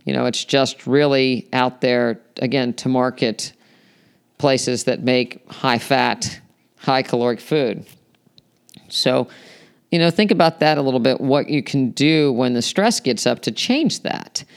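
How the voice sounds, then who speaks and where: A man's voice: mid-range voice, measured pace, clear, resonant tone. A man hosting a podcast, explaining health topics in a conversational way with frequent fillers. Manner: explanatory, conversational, many "you know" fillers. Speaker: podcast host. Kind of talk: solo health podcast talk.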